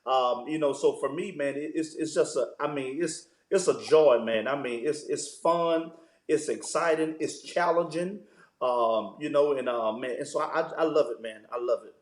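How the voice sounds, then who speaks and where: Pastor, male, fairly high voice, easygoing storyteller; recorded in an echoey room. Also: normal speed. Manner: relaxed, storytelling, frequent "man" fillers. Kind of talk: conversational interview.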